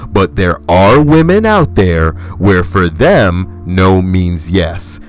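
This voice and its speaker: A young man hosting a comedy show, giving profane, emphatic, ranting commentary on the stories he reads. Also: mid-range voice. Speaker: host reading stories.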